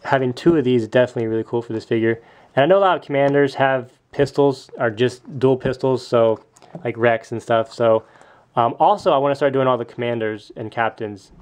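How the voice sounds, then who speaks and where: Young male vlogger, mid-pitch, casual and chatty, lots of ums, self-correcting as he shows his build. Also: fairly quick, a little mellow, clear, resonant tone. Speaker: custom toy maker. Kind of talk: casual show-and-tell vlog.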